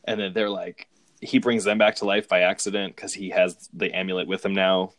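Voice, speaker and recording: A man's voice: sits low, little pitch movement, fairly quick, a bit bright, no room sound. A man in casual chat, rambling and amused as he recaps movie plots, often restarting his sentences.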